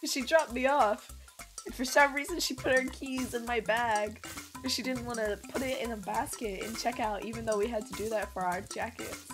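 A young woman streamer with a hoarse, sick voice, chatting casually and swearing as she plays. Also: on the high side. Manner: chatty, swears freely, thinks aloud. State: hoarse from sickness and morning voice. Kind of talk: casual gameplay commentary.

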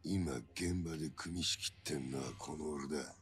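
An actor playing an arrogant, menacing yakuza lieutenant who snarls and taunts, in a video game. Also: male voice, rumbling low, fairly even intonation, fast talker, soft background music. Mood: snarling. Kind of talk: game voice acting.

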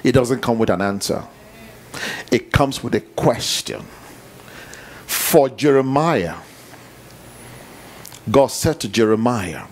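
Husky, animated male preacher. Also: mid-range voice, takes it slowly, pauses often. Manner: repetitive, emphatic, swings from hushed to shouted. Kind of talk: sermon.

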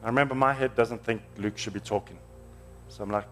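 A man's voice: fairly low pitch, steady tone, fairly quick, a bit bright, soft background music. A man, preaching a storytelling sermon in a church in an earnest, emotional, conversational way.

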